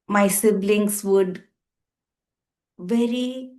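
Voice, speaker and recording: A woman's voice: medium pitch, very slow, darkish tone. A woman in her sixties, a counsellor, sharing a personal story in an earnest, emphatic way and repeating words for weight. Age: 60s. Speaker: counsellor and therapist. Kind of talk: reflective personal talk to camera.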